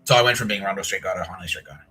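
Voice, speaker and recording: A man's voice: low-pitched, racing, sharp tone, soft background music, low-quality recording. A man with an Australian accent hosting a podcast, telling a long story in a casual, rambling way, swearing freely and laughing at his own tale. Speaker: podcast host.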